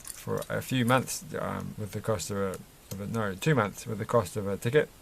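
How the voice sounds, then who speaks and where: A man talks in a loose, rambling way, chuckling and correcting himself as he goes. His voice sits low with a gravelly fry to it. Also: fairly even intonation, normal speed, a little hiss or hum. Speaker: Lego build vlogger. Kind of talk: casual chat while building.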